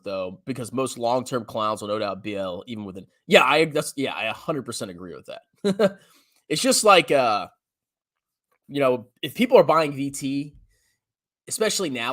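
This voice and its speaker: Lively, slangy finance-channel man. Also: medium pitch. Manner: animated, slangy, laughs often. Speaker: personal finance YouTuber. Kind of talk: casual livestream reading viewer comments.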